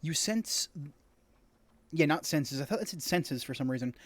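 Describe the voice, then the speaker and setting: Higher-pitched guy streaming a game, reads the text out, rambles and chats with viewers between lines. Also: lively intonation, normal speed, pauses often. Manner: chatty, rambling asides to viewers. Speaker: gaming streamer. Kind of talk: casual let's-play, reading game text aloud.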